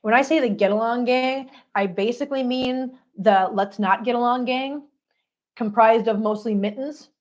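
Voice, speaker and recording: A chatty woman hosting a casual home livestream, her voice a little high. She laughs easily and slips into cooing baby talk. The sound is dull and lo-fi. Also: normal speed. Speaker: cat channel host. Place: home, on the floor.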